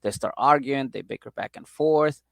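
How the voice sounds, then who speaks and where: A man's voice: mid-range voice, moderate pace, vocal fry, dry recording. A man co-hosting a comedy podcast at home, chatting casually and acting out people's lines in put-on voices. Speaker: podcast co-host recapping a reality show. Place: at home on a couch with his dog.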